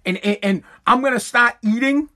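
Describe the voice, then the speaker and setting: High-voiced man ranting with lots of cursing. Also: moderate pace. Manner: animated, profane, rising to shouting. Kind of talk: profane comedic rant.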